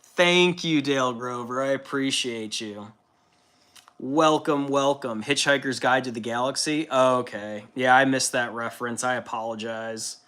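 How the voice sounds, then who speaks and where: A man's voice: mid-range voice, unhurried, sharp tone. A man streaming casually while painting, rambling in a laid-back way and swearing freely.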